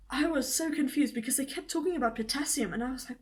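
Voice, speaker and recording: A young South African woman with an Afrikaans accent chats straight to camera in a casual vlog. Her voice sits a little high for a woman. She talks in an animated, emphatic way and slips into mock outrage. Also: fast talker, few pauses. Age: young adult. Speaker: vet student vlogger.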